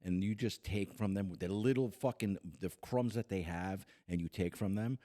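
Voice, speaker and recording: A man's voice: sits low, moderate pace, dark tone. A man co-hosting a podcast, talking casually, bluntly and with plenty of swearing, and getting worked up. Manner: blunt and profane, gets worked up. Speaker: podcast co-host.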